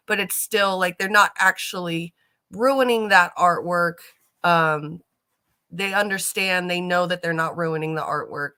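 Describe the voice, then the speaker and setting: A woman's voice: fairly low pitch, pushed and bright. A woman giving casual reaction commentary on videos, rambling with lots of fillers and casual swearing.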